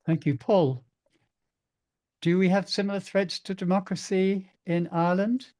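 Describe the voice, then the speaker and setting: A woman moderating a panel discussion over a video call, briskly steering the talk and handing over to speakers. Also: medium pitch, steady tone, dark tone.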